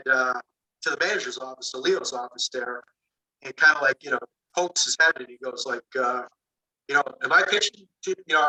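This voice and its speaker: A man, an author, telling a lively anecdote in a casual, rambling way, acting out the dialogue with lots of fillers. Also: a little high, recorded from a distance, rough recording. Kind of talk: casual storytelling.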